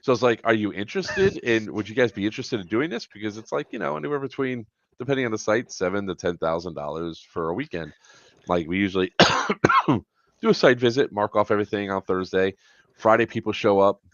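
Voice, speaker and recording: A middle-aged man, a grandfather, hosting a casual podcast and telling an animated travel story, swearing now and then. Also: fairly low pitch, brisk, no room sound. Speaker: podcast host and airsoft event organizer. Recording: dry, dull lo-fi podcast audio.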